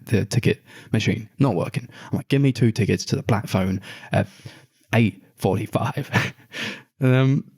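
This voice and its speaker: A young man co-hosting a casual podcast chat, telling a story with lots of swearing and animated retelling. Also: lowish voice, gravelly, husky. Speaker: podcast co-host.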